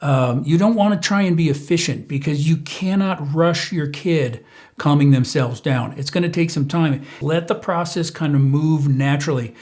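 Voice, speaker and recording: A middle-aged man speaks in a relaxed, conversational way, hosting a parenting channel. His voice sits a little high for a man, and he talks casually to the camera, pausing with fillers and restarting sentences as he goes. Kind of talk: casual advice talk to camera.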